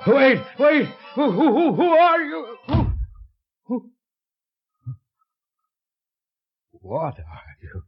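A man's voice: extremely high pitch, animated, slow, full character voice. An actor playing a lonely, frightened old male shopkeeper, stammering and pleading in an old radio drama. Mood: shaken. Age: older. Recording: dull lo-fi recording with music behind.

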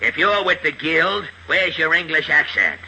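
A man's voice: fairly high pitch, very animated, measured pace, pushed and bright, breathy edge, heavily acted. A man voicing a boastful, bumbling police inspector who talks tough and slangy, in 1940s radio comedy style on a noisy old recording. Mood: blustering.

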